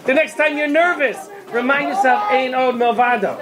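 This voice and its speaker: A woman tells a story to children, slipping into the voices of the people in the tale. Her voice sits somewhat high, and a faint hiss runs behind it. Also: normal speed, a crowd in the background. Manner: lively, acts out the characters in the tale.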